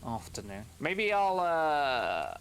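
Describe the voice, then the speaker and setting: A man's voice: a little high, huge pitch swings, slow, fairly bright tone, smooth, soft background music. A young man casually commenting on a game during a live stream, exasperated with the characters, swearing and laughing often.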